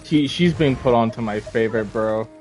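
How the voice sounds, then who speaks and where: A young adult streamer in casual let's-play commentary, excitable and gushing, exclaiming over and over. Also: mid-range voice, moderate pace, faint music behind.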